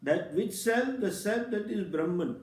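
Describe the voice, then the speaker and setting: A man giving a scripture lecture as a spiritual teacher, speaking slowly and deliberately and explaining Sanskrit terms. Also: high-pitched, lively intonation, darkish tone, reverberant.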